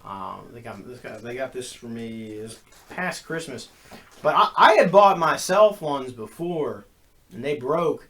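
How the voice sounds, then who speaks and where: A man's voice: mid-range voice, animated, a little slow, a bit bright. A man in his twenties co-hosting a podcast, chatting casually and telling rambling, laid-back stories. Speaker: podcast co-host. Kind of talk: casual chat.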